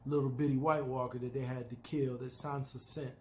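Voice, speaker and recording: A man's voice: mid-range voice, little pitch movement, fairly quick, dark tone, a little hiss or hum. Chatty man rambling through a recap. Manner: loose, chatty, opinionated, frequent "you know" and "man". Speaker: TV episode recapper.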